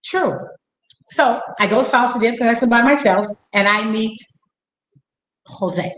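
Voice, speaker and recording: A woman's voice: fairly high pitch, measured pace, fairly bright tone. A woman in her fifties hosting a casual conversation, telling stories animatedly and acting out the dialogue. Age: 50s. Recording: echoey room.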